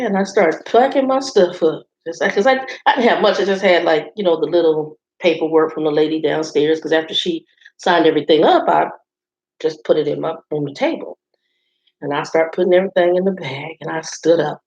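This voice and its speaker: A woman vlogger tells a rambling story to her viewers in a casual, chatty way. Her voice is low and gravelly. She is in a hotel room, and the sound is roomy and slightly dull. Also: brisk, a little mellow.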